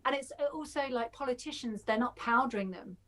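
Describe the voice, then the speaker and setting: A woman's voice: fairly high pitch, fairly quick, a crowd in the background. A woman hosting a casual podcast chat, telling rambling stories and laughing often. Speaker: podcast host.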